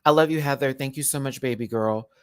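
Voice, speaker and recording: Southern man, casual livestream chat, animated and chatty, dry close sound. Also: mid-range voice, quick pace, clear, resonant tone, no echo. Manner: animated, chatty, drawls terms of endearment. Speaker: YouTube host. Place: hotel room.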